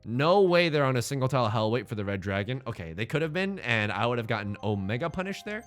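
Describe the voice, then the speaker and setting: A man's voice: medium pitch, big pitch swings, quick pace, faint music behind. A man hosting a let's play with joking, self-mocking game commentary, often pleading with the game for the tiles he wants.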